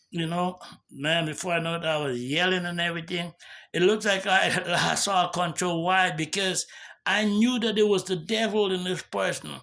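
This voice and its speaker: A man's voice: a little high, gravelly, sharp tone. A man telling a personal story as a sermon, in an earnest, conversational way with many restarts. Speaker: preacher giving a testimony. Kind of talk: sermon-style personal testimony.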